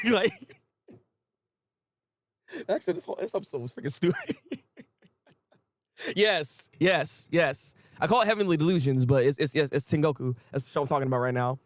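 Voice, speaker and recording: A man runs a casual anime recap in a high, bouncy voice that swings up and down. He laughs often and acts out the characters' lines as he goes. The sound is dry and close to the mic. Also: very animated, fairly quick, a bit bright, no echo. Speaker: anime review host.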